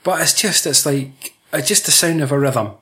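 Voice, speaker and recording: In a fairly high, bright, forceful voice at a moderate pace, a young Scottish man from Fife talks loosely about a film. He swears a lot, laughs frequently, cracks jokes, and puts on voices.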